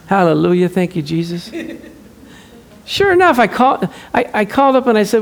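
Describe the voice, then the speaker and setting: A man with a high voice and some vocal fry preaches a church sermon at a normal speed. As pastor, he tells animated stories, acts out quotes, and laughs often.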